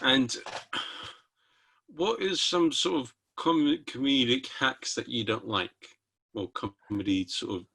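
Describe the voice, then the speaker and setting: A man's voice: mid-range voice, takes it slowly, vocal fry, pushed and bright, slight background noise. A man hosting a podcast interview, asking short questions with joking asides. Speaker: podcast host.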